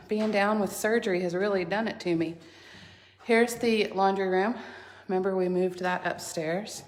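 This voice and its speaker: A woman's voice: mid-range voice, steady tone, normal speed, a little mellow. A woman giving a chatty, gushing home tour vlog inside a house under construction, filmed on a handheld phone. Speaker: homeowner vlogger.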